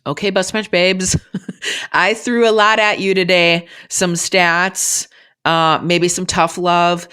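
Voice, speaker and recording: A woman's voice: low-pitched, fairly bright tone, clean tone. Chatty, earnest woman host. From Minnesota. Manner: chatty, earnest and encouraging, with many "like"s and restarts. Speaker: podcast host and real estate agent. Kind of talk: casual solo podcast talk.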